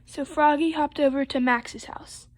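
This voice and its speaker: Slow, high-voiced woman reading storytime. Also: a little hiss or hum. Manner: expressive, savoring sound words. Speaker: storytime reader. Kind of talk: reading a picture book aloud to children.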